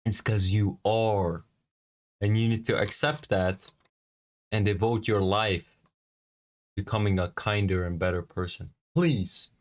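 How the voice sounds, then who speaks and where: A man reacting to a clip, talking bluntly and scornfully, swearing and pausing on fillers. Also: on the low side, steady tone. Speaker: reaction video host. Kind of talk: profane reaction commentary.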